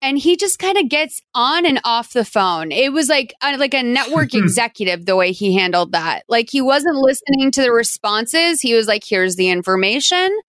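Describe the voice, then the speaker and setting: A woman co-hosting a podcast, chatting casually about a movie with quick asides and frequent laughs. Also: fairly high pitch, lively intonation, a bit bright, dry recording, clean studio sound. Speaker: podcast co-host.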